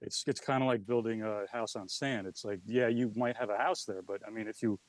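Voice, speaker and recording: A man's voice: fairly low pitch, fairly even intonation, brisk, dry recording. Hesitant man explaining with an image. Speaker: guest in an online discussion. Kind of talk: casual debate chat.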